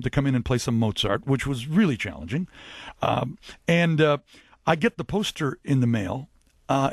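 A man's voice: a little high, no room sound. Chatty male guest telling stories, dry sound. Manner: chatty, animated, with false starts and laughs. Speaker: radio show guest, musician. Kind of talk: anecdotal storytelling.

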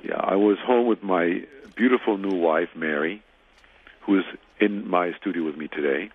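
Older male guest, very low husky voice, rambling anecdote over a tinny phone-like line. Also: moderate pace. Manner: rambling, animated retelling with quoted dialogue. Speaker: interview guest. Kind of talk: anecdotal storytelling.

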